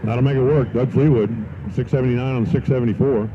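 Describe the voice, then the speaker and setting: A man's voice: medium pitch, steady tone, fast. A man doing live commentary as announcer at a drag race, mixing race calls with folksy joking asides. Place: outdoor dragstrip. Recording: dull live-stream audio with loud track noise.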